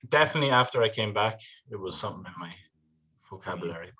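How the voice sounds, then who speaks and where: An Irish man chatting casually as a podcast guest, animated and laughing often. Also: on the low side, fast talker. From Ireland.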